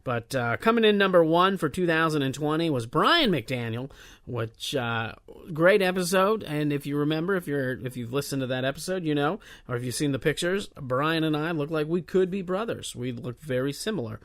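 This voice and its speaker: A man hosting a comedy podcast, running through announcements in a loose, rambling way. His voice sits a little above the usual male pitch, and he fills the gaps with plenty of uhs. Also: animated, moderate pace, a bit bright. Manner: casual, rambling, many filler uhs. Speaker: podcast host. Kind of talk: solo podcast intro announcements.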